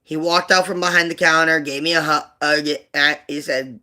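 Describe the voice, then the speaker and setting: A man hosting a livestream, telling a personal story in a rambling, halting way with many fillers, subdued and emotional over painful memories. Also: a little high, fairly even intonation, pushed and bright, smooth. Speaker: livestream host.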